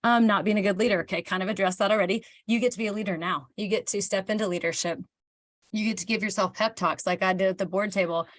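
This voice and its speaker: A chatty woman from Kansas gives a candid motivational talk to her team. She answers viewer comments as she goes and acts out dialogue in quotes. Her voice sits at a middle pitch and is recorded close and dry. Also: fairly even intonation, fast talker, dry recording. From Kansas, United States. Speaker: team leader hosting a live session.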